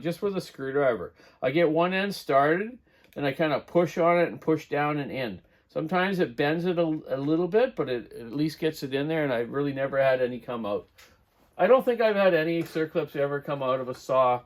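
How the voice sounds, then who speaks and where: A middle-aged man giving a casual hands-on repair demonstration in his workshop, rambling and correcting himself as he works. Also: a little high. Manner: rambling, talks while working, self-correcting. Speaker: chainsaw repair host. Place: home workshop.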